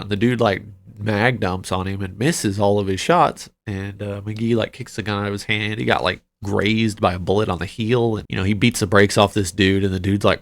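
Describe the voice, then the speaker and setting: A man hosting a casual book wrap-up vlog, chatty and rambling, with frequent fillers and quick asides. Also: fairly low pitch, fairly even intonation, creaky, no room sound. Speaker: book channel host.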